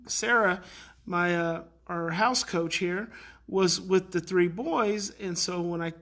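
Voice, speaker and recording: A middle-aged man, a parenting educator, tells a story in a casual, animated way and lets his voice rise to act out the kids' outbursts. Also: high-pitched, slow. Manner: animated, acts out kids' outbursts, many fillers.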